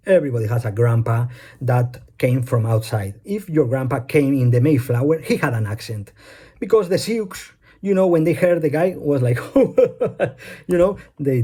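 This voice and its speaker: A man with a Spanish accent, a native Spanish speaker talking English, rambling through a personal vlog monologue with many pauses and fillers. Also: medium pitch, expressive, mellow, husky. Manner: hesitant, many fillers, loses his thread. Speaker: vlogger. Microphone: phone.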